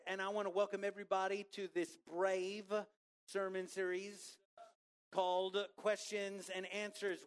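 A man preaching a sermon to a church congregation in a relaxed, conversational way, joking with the people in the room. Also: high-pitched, smooth. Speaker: pastor. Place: church auditorium.

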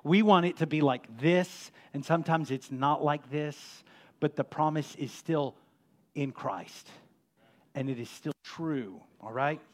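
A middle-aged man preaching an impassioned sermon as a pastor, swelling to loud emphatic peaks and then dropping low and soft. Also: unhurried.

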